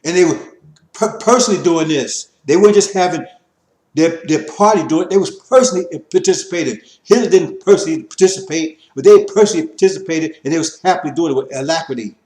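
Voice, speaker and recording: A man giving an impassioned religious lecture, preachy and repetitive, rising to forceful emphasis. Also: on the high side, quick pace, reverberant. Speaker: religious teacher.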